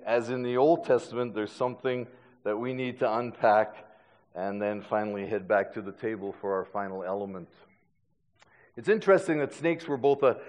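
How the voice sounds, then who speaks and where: A man's voice: mid-range voice, darkish tone, highs cut off. A middle-aged pastor delivers his sermon in a long, reverberant church hall. He tells stories with self-deprecating humor, often stumbling and restarting his words, in a mid-range male voice.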